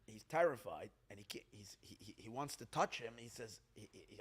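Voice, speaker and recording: A man's voice: on the low side, animated, moderate pace, fairly bright tone, husky. A man, a rabbi, telling a dramatic story at an evening gathering, acting out the quotes and repeating words to build suspense. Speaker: rabbi telling stories of tzadikim.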